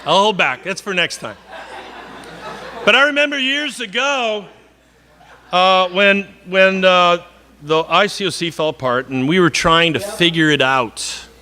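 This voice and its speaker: A man's voice: sits high, measured pace, sharp tone. A man from northern Wisconsin preaching a sermon in an earnest, conversational way, often repeating words and slipping in joking asides.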